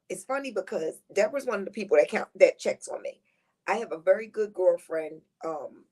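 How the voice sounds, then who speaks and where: A middle-aged woman who is a guest on a talk show. She tells heartfelt, rambling personal stories in a lively, positive, high-energy way. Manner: rambling, heartfelt storytelling with restarts. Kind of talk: casual conversational interview.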